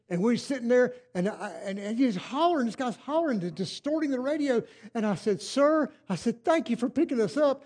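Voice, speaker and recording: An older man telling his testimony in a sermon, moving from hushed storytelling to loud, fervent praise. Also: extremely high pitch, animated, fairly quick, few pauses. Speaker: preacher.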